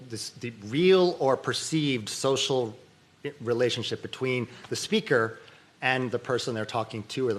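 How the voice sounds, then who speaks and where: A middle-aged man giving a university symposium lecture, explaining ideas casually and checking in with the audience by saying "okay.". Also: medium pitch. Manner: conversational lecturing with frequent "okay" and restarts. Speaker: academic dean giving a symposium talk. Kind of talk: lecture on linguistics.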